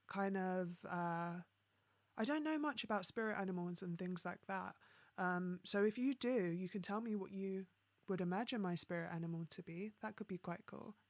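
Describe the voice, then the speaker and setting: A woman from London, hosting a casual livestream, reading viewer comments and chatting in an upbeat way, laughing often and filling pauses with ums. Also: medium pitch, dry recording. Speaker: livestream host.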